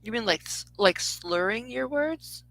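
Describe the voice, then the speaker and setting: A woman's voice: fairly high pitch, animated, a little slow, vocal fry, a bit bright, dry recording, low-quality recording. A woman in her forties giving a live psychic reading to a caller, rambling and interrupting herself with lots of fillers. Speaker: psychic reader. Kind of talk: live reading on a phone call.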